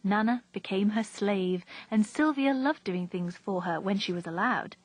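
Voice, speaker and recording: A woman reading a story aloud in a steady, even narrating voice. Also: medium pitch, normal speed, no room sound, rough recording. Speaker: reader.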